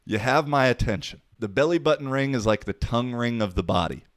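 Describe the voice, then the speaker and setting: A man's voice: mid-range voice, a little fast, no room sound, clean studio sound. A man hosting his own podcast, talking alone in a rambling, profane, wisecracking way. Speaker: podcast host. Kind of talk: casual solo podcast monologue.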